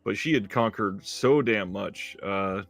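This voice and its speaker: A man co-hosting a film podcast in casual chat, easygoing, often laughing and pausing on fillers. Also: on the low side, vocal fry, fairly bright tone, soft background music. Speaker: podcast co-host.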